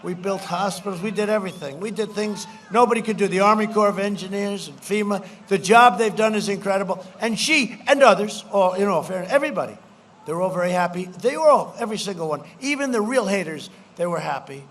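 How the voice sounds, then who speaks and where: A man's voice: sits high, fast talker, fairly bright tone. A man giving a campaign rally speech on a stage mic outdoors, repetitive and boastful, slipping into mocking quoted voices. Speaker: political speaker at a campaign rally.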